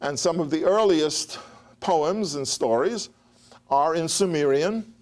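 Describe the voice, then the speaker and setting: A man's voice: fairly high pitch, slow. A man lecturing on ancient history in a digressive, anecdotal way, with chuckles and restarts. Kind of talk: academic lecture.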